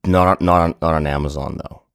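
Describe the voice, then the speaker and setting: A man with a very low, early-morning voice hosts a casual podcast chat. He jokes and teases his co-host. The recording is close and dry, with no room sound. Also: steady tone, fast talker, clear, resonant tone, no room sound. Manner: joking, teasing banter.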